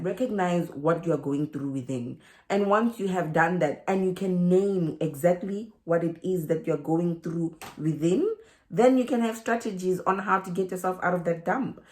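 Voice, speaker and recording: A woman with a South African accent talks straight to her viewers in a lively motivational vlog. Her voice sits a little low, and she laughs often. She acts out the voices in her head as she goes. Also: normal speed. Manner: animated, laughs often, acts out inner dialogue. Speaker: relocation vlogger. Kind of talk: motivational talk to camera.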